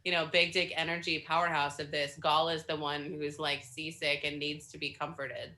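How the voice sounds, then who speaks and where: Woman guest on a fan panel, low-ish but sharp bright voice, excited, swears casually. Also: moderate pace.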